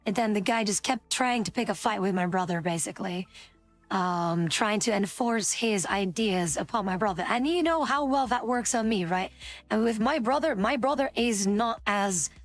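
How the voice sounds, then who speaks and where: A woman's voice: medium pitch, moderate pace, no room sound. A woman streamer casually telling a story to her chat, rambling with many fillers and restarts, with faint music behind her.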